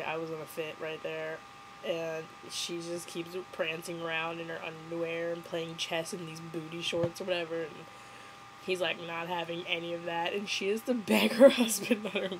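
A sarcastic young woman, sick and a bit congested, riffing on a movie in a mocking, giggly way. Her voice sits fairly low for a woman. A faint hiss runs under the home webcam recording. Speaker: vlogger. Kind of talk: casual movie commentary.

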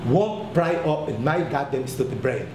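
A man's voice: mid-range voice, lively intonation, moderate pace. A man in his sixties from the Philippines, telling his life story candidly and with profanity, often stammering over restarts. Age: 60s. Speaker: documentary subject. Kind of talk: personal storytelling. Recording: echoey room with background noise.

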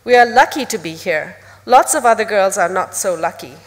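A woman reading aloud as a scarred girl who speaks in a sharp, defensive way. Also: mid-range voice, animated, a little fast, natural voice. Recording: long reverb of a large hall.

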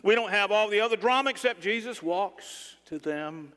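A male pastor preaching a sermon with a slightly high voice. He is dramatic and often sinks into hushed tones. A long reverb from the sanctuary trails behind him. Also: expressive, moderate pace, hardly any pauses. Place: church sanctuary.

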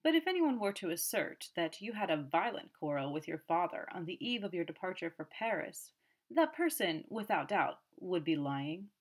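Brief: cool sharp-tongued detective, quiet and pressing, as a woman reader puts him on. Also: sits high, sing-song, normal speed. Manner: quiet, probing, needling. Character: sharp, boastful male police detective.

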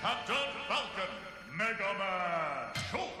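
A man voicing a male fighting-game announcer who calls out fighter names with emphatic, booming delivery, heard through game audio. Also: very animated, slow, pushed and bright, heavily acted. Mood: announcing. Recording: echoey, distant game audio with music.

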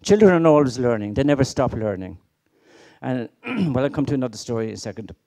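A man's voice: mid-range voice, very animated, fast talker, creaky, warm tone. A middle-aged man giving a conference keynote, emphatic and full of rhetorical questions and stories. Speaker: keynote speaker.

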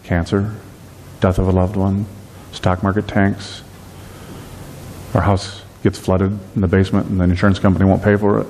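A middle-aged man preaching a sermon as pastor, lively in delivery and slowing down to stress key phrases. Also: low voice, slight background noise. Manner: dynamic preaching, slows on key phrases, acts out everyday voices.

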